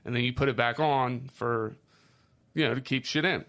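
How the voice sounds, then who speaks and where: A man with a Midwestern accent chatting on a podcast, swearing easily as he tells stories. His voice sits at an ordinary middle pitch, and he talks loosely and casually. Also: normal speed, creaky. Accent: Midwestern American. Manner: swearing storyteller, lively. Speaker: podcast co-host. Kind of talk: casual chat.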